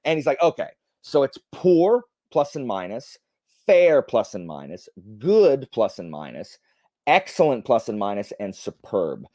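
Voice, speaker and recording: A man's voice: medium pitch, unhurried, dry recording, clean studio sound. A young adult man hosting a livestream, telling stories in a casual, rambling way with lots of fillers. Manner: rambling, animated storytelling with many fillers. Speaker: livestream host. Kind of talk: casual chat.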